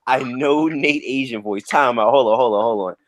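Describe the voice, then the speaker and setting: A man's voice: mid-range voice, normal speed, no echo. A man hosting a livestream in a laid-back, joking, slangy way. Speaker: livestream host. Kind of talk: casual livestream chat.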